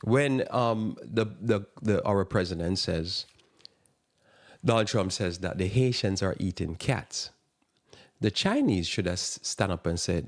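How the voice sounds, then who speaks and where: A man's voice: low-pitched, animated, unhurried. A man hosting a Christian radio talk show, preaching with impassioned rhetorical questions and rambling, restarting phrases. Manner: impassioned, rhetorical questions, voice leaps up when indignant.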